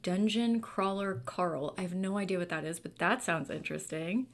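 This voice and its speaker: A woman's voice: on the low side, moderate pace. Chatty woman hosting a book club stream. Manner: chatty, reads viewer comments aloud, many fillers. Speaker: book club livestream host. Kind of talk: casual livestream chat.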